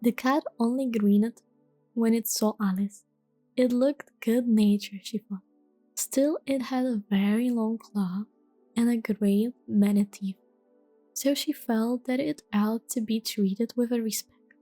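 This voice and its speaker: A woman reading a storybook aloud in a gentle, soft-spoken ASMR style. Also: on the high side, fairly even intonation, a little slow, no echo, soft background music. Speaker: storybook reader.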